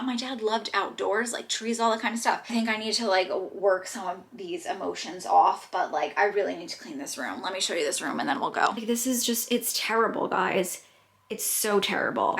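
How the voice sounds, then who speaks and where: A woman vlogging at home, chatty and rambling as she talks about her week, and emotional as she goes. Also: medium pitch. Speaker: lifestyle vlogger. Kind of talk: casual vlog chat.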